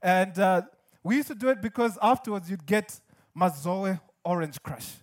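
High-pitched male pastor, earnest and emphatic preacher, sermon delivery with touches of humor. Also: normal speed.

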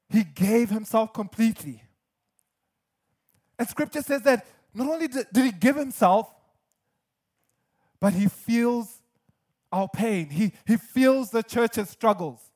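A man's voice: high voice, unhurried, pauses often. A man pastor preaching a sermon in an earnest, emphatic way, with repetition and light humor.

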